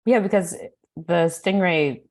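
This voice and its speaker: A woman's voice: fairly low pitch, slow, creaky, darkish tone. A woman in casual podcast chat, matter-of-fact and laughing often.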